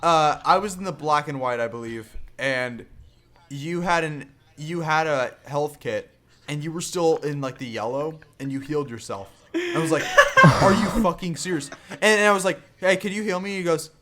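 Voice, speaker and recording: A teenage man telling stories in a casual podcast chat, animated and laughing, swearing freely. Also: a little high, moderate pace, very noisy. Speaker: podcast co-host.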